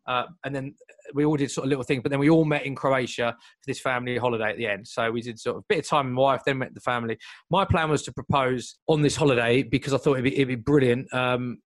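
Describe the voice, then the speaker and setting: A young man telling a long story in casual chat, lively and full of asides and restarts. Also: mid-range voice, no echo. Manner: animated, fast, piles up asides and restarts.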